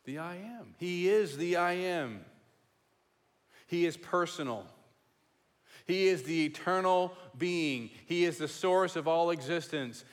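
A man preaching a sermon as pastor, emphatic and repetitive, dropping to a hush on key words. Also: fairly high pitch. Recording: long hall reverb.

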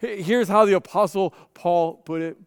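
A man's voice: high-pitched, normal speed, clean tone, no room sound, studio quality, big-room sound. A man preaching a sermon, telling stories earnestly and often repeating his first word as he goes. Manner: earnest storytelling with frequent repeated starts. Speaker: pastor.

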